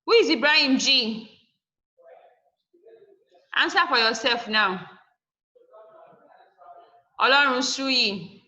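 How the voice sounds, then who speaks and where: A woman's voice: sits high, slow pace, pauses often, pushed and bright, muffled recording. A woman teacher giving a lesson over a video call, firm and instructive, spelling out word endings letter by letter. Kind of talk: online class lesson.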